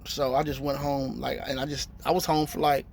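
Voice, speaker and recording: A man's voice: medium pitch, level tone, fairly quick, creaky, a little hiss or hum. A man in his thirties, a truck driver telling a story in a casual, slangy vlog and acting out his phone calls.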